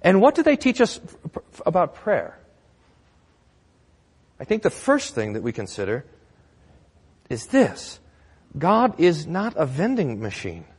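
A man's voice: fairly high pitch, wildly swooping pitch, measured pace, pauses often, breathy edge. A male pastor preaching a sermon in a church, conversational with wry humor.

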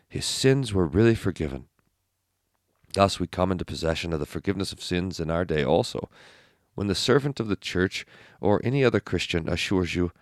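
A man reading aloud an old sermon text in a measured, earnest way. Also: low-pitched, no echo, studio quality. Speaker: reader.

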